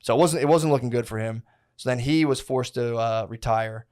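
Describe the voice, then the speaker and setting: A man's voice: mid-range voice, brisk, a little mellow. A man in his thirties co-hosting a casual podcast, telling a long history story with slang, swearing and many restarts. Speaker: podcast co-host.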